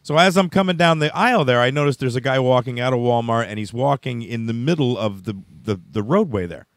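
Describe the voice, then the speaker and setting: A man's voice: medium pitch, brisk, dry recording, studio quality. A man telling a story in casual chat, rambling with restarts and laughing as he goes.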